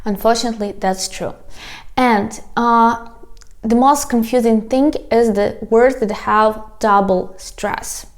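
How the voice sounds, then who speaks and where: Woman, Ukrainian accent, language teacher, slightly high voice, unhurried, patient, repeats words. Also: steady tone. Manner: patient, addresses viewers as "guys", repeats words slowly for practice. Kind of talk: online language lesson.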